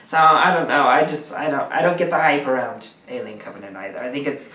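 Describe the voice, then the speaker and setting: A man talking films in an opinionated, emphatic way, with frequent laughs. His voice sits at an ordinary pitch for a man. The sound is roomy, and he is heard from some distance from the microphone. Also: fast talker, hardly any pauses, pushed and bright. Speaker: guest film reviewer. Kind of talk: casual film discussion.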